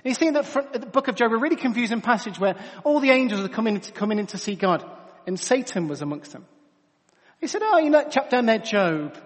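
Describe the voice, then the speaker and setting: A man's voice: high-pitched, expressive, fast talker. A man preaching a sermon in an earnest, conversational way, speaking through a headset mic to a congregation he calls guys. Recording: long hall reverb.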